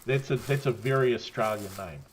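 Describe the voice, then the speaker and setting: A New Zealand man talks at an everyday middle pitch in loose, wandering chat. He has had a drink, laughs at his own tangents and swears without a second thought. A faint hiss of noise sits under his voice. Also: a little fast. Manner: rambling, laughs often, swears freely. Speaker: guest on a livestream. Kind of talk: casual chat.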